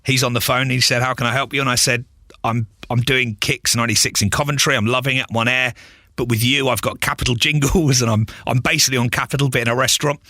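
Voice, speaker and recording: A man's voice: medium pitch, fairly even intonation, fast talker, pushed and bright, no echo, clean studio sound. A man, a radio presenter, telling stories in a casual interview, acting out quotes and laughing often. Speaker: radio presenter, podcast guest.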